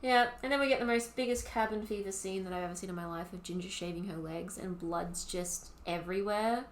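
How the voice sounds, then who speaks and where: A woman's voice: mid-range voice, fairly quick, rough recording. A young Australian woman co-hosting a podcast, casually recapping a film in a chatty, swearing way and acting out characters' lines. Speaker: podcast co-host.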